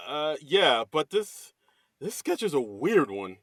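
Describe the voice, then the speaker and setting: A man co-hosting a podcast in casual chat, animated and quick to laugh. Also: a little high, no room sound. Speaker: podcast co-host.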